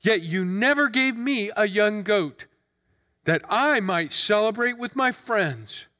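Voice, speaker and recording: A man's voice: high voice, animated, slow pace, sharp tone, heavily acted. A man reading the lines of a resentful, dutiful elder son, in a bitter, complaining manner. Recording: long hall reverb.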